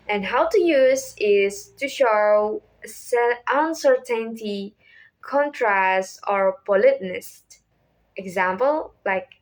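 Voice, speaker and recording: A young woman student giving a class presentation, speaking in deliberate, halting phrases. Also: medium pitch. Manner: deliberate, halting non-native English phrasing.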